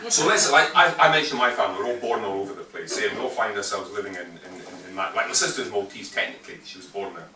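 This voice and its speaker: A man's voice: on the low side, expressive, fast, few pauses, a crowd in the background. A man in his fifties from England, an invited speaker answering audience questions in a joking, rambling, argumentative way. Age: 50s. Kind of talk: political talk answering questions. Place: meeting room. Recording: echoey room, distant mic, faint hiss.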